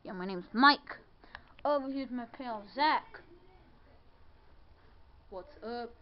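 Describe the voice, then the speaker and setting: A woman's voice: fairly high pitch, takes it slowly, slight background noise. A woman voicing a cheerful cartoon bird who rambles as he introduces his friends to viewers, in a muffled home video. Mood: chatty.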